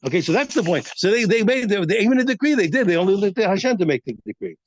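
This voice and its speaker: Man teaching talmud, high lively voice, repeats himself, dry dull lo-fi sound. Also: racing, no room sound. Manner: animated, repeats phrases while thinking aloud. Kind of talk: daily Talmud class.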